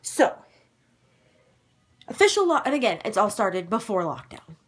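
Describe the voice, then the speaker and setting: A young woman casually recapping a TV episode to camera, animated and excitable, dropping into sudden dramatic whispers. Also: mid-range voice, unhurried, husky. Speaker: vlogger recapping a ghost-hunting show.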